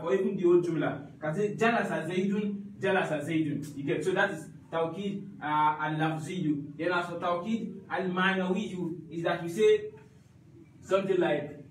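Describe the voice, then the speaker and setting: A man's voice: on the high side, steady tone, normal speed, a little hiss or hum. A man teaching an Arabic grammar class, explaining step by step and often checking with his students. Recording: echoey room, mic at a distance.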